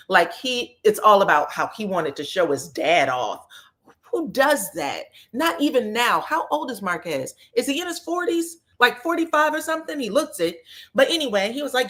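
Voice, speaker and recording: A woman's voice: medium pitch, sing-song, moderate pace, a bit bright. A woman talking bluntly and with sass in a casual recap, dropping in quoted lines in shifted voices. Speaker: recap commentator.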